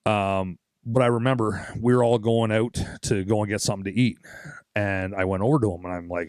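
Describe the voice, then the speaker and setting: A man's voice: fairly low pitch, steady tone, a little fast, darkish tone, dry recording, clean studio sound. Laid-back swearing male podcast co-host. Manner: swearing, storytelling with quoted voices. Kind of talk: casual chat.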